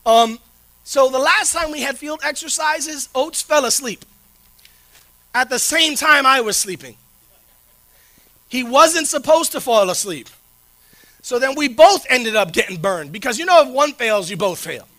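A young man preaches in a loose, conversational way, spinning a personal story and checking in with "right?" again and again. His voice sits very high for a man, with a bright, forceful edge. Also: lively intonation, moderate pace. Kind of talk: sermon with personal stories.

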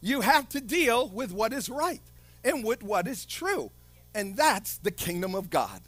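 Male preacher, slow, impassioned sermon, swings up to shouting, very high and lively voice. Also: no room sound. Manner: impassioned, rising to shouts, dramatic.

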